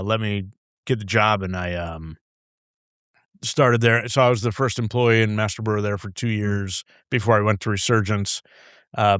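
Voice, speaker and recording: A man's voice: fairly low pitch, fairly bright tone, clear, resonant tone, dry recording. A man in a podcast studio, guest telling casual, rambling stories, swearing freely and acting out other people's lines. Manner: rambling, laughs often, swears, acts out his boss's lines. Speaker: guest brewer. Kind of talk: casual storytelling chat. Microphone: studio microphone.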